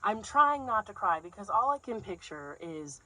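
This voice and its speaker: Husky lady doing stand-up, animated storytelling, acts stuff out. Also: medium pitch, moderate pace, no room sound, rough recording. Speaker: stand-up comic.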